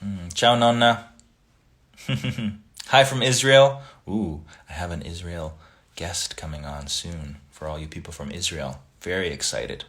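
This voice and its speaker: A man hosting a casual livestream, reading viewer comments aloud and chatting back in a relaxed, friendly way. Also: rumbling low, normal speed. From Italian family background.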